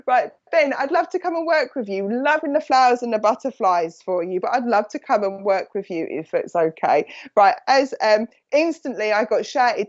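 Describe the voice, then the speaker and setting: A woman with an Essex accent giving a live mediumship reading, chatty and affectionate, hopping quickly from one thought to the next. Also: mid-range voice, expressive, muffled recording. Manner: rambling, jumps between thoughts; chatty and affectionate, calls people "my lovely". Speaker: psychic medium.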